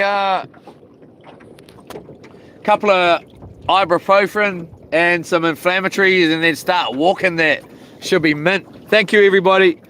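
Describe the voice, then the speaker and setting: A forceful, bright, high-pitched man hangs out by the water on his live fishing stream, and there's slight background noise. His talk is loose and slangy, and he keeps cracking himself up.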